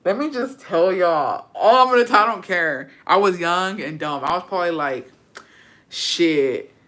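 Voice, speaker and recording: A woman's voice: on the low side, expressive, unhurried, fairly bright tone. A young adult woman telling a story in a casual vlog chat, brash and profane, dramatic, and dropping in Spanish phrases. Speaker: vlogger.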